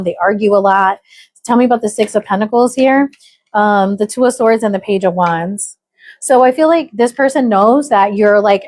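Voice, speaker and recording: A woman's voice: mid-range voice, darkish tone. An American woman doing a casual, chatty tarot reading, musing aloud with fillers. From United States. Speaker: tarot reader.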